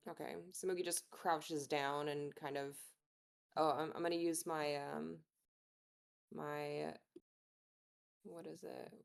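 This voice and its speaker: A woman's voice: low-pitched, little pitch movement, slow pace, vocal fry, pauses often, clean tone. A woman playing a tabletop game, talking casually and hesitantly with many fillers. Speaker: player.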